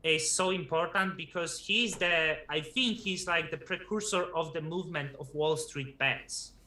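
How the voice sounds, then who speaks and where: A man appearing as a guest on a casual livestream, talking in halting stretches and repeating words as he builds his sentences. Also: a little high, bright, forceful tone. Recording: echoey room.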